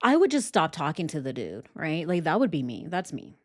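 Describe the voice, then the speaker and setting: A woman hosting a true crime channel, talking through a case in casual livestream commentary, animated and chatty with quick laughs and casual swearing. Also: low voice.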